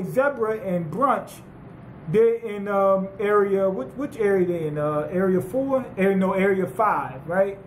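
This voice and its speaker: A man's voice: sits high, roomy sound, a little hiss or hum, rough recording. Profane, rambling man reviewing manga. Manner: rambling, profane, excitable, frequent fillers. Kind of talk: casual profane chapter review.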